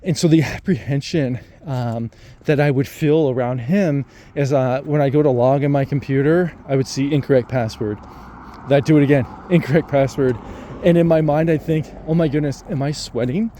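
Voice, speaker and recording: Mellow, reflective man telling a story. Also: medium pitch, a little hiss or hum. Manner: reflective and hesitant, many pauses and restarts. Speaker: vlogger. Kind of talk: casual personal storytelling.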